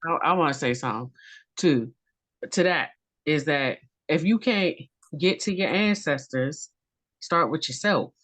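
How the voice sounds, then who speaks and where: A woman on a conference panel speaking gently in rhythmic, repeated phrases of encouragement. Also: low-pitched, expressive, unhurried. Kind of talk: spiritual panel discussion.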